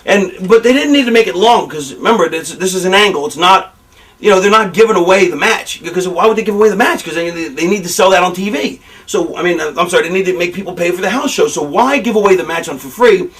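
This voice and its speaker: A high-pitched man spins loose, profane stories about his trade, jumping between thoughts as he goes. He sounds set back from the microphone, so his voice carries a little distance. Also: quick pace. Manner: rambling, profane, animated storytelling. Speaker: pro wrestler giving a shoot interview. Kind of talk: candid storytelling interview.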